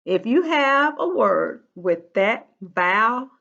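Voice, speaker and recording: A woman teaching a recorded phonics lesson to first graders, slow and patient, repeating each rule in a drill. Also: mid-range voice, big pitch swings, vocal fry, fairly bright tone, dull audio.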